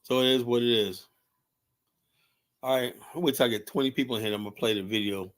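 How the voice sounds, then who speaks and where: A man's voice: medium pitch, fast talker, a bit bright. Male livestream host, casual rant, heated and profane delivery, rambles and restarts. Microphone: streaming setup mic.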